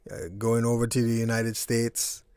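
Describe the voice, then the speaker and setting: A man who organizes a basketball tournament, a guest on a radio sports show, talking with halting starts and repeated words. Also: medium pitch, monotone, a little mellow, clear, resonant tone, no room sound, clean studio sound.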